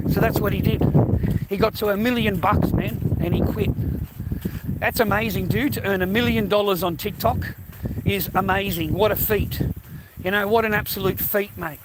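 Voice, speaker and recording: An Australian man with a high voice rants bluntly to his viewers on camera, repeating himself and ending phrases with "mate". His tone is steady and his speed normal. The background is noisy.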